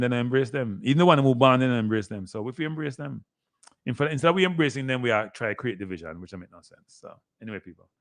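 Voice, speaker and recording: Jamaican guy, middle aged, hosting a live sports stream, lowish voice, chatty, repeats himself, dry sound. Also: no room sound. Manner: chatty, repeats himself, talks straight to viewers. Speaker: host of a live sports show. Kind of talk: casual live-stream commentary.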